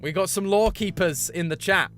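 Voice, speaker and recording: A man chatting casually with his live-stream chat, playful and full of quick asides. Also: high-pitched, fairly bright tone, faint music behind.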